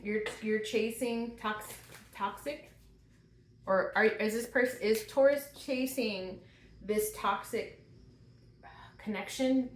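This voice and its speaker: A woman giving a channeled tarot reading, asking questions aloud and exclaiming. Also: medium pitch. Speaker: tarot reader. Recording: roomy with faint noise.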